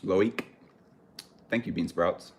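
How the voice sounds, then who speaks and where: Low-voiced American man chatting loosely. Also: slow pace, breathy edge. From United States. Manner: rambling, self-correcting, breaks into laughter. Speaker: streamer chatting with viewers. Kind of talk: casual livestream chat.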